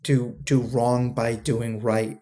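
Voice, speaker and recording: A man's voice: medium pitch, little pitch movement, takes it slowly, dark tone. A man, a guest on a podcast, talking earnestly and often repeating words as he gathers his thoughts. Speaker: podcast guest, two-time founder. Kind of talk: casual interview chat.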